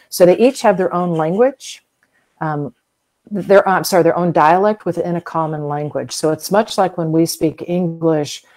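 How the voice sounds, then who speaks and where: A middle-aged woman from the American South speaks as an interview guest, explaining things in a chatty, example-filled way. Her voice sits a little low and sounds mellow and warm. She pauses often with fillers as she works through each point. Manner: chatty, explains with everyday comparisons, many fillers. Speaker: whale museum guest expert.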